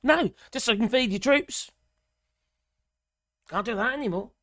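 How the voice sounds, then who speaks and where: A woman's voice: on the high side, normal speed, no room sound. Indignant woman ranting. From Britain. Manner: indignant, sarcastic, swears mildly; animated rant, voice jumps up when outraged. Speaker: vlogger commenting on news. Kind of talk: ranting commentary on a news article.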